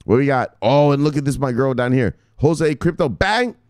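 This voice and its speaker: A middle-aged man talking excitedly as a crypto news vlogger, cursing and shouting shout-outs to viewers. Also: mid-range voice, a little fast, no echo, clean studio sound. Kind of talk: casual hyped-up commentary.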